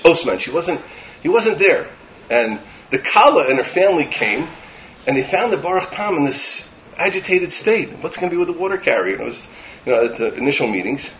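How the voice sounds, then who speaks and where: Animated rabbi giving a sermon. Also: male voice, a little high, highs cut off, slight background noise. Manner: animated, rising to emphatic lists.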